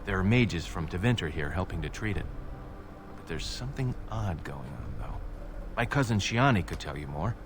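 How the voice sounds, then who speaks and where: A man's voice: deep voice, very animated, normal speed, noisy background. An actor playing a worried male elf in a video game, speaking earnestly as he asks for help. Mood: concerned. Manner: earnest, pleading. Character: worried male elf pleading for his cousin. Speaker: game character.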